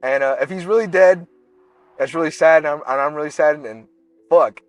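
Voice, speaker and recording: A man's voice: a little high, fairly quick, dry recording, faint music behind. A young man co-hosting a podcast, telling a long story in casual slang and acting out characters in bursts. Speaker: podcast co-host. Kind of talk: casual chat.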